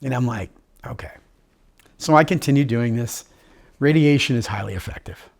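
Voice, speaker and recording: A man's voice: medium pitch, brisk, vocal fry. A man telling his own story in an interview, upbeat and joking, acting out what others said to him. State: living with terminal illness. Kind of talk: personal storytelling.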